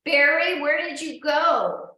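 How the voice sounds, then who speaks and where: Woman cycling coach calling out to riders by name, bright and sharp tone, lots of room echo. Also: high voice, takes it slowly, slight background noise. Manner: encouraging, checks in on riders by name. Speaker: indoor cycling instructor. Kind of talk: live online fitness class coaching. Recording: very echoey room.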